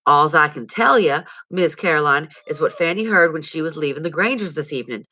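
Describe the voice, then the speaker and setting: A woman reading aloud, voicing a bitter grown man who is a neighbor, in a slow and heavy way. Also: deep voice, expressive, pushed and bright, no echo, lo-fi sound, heavily acted.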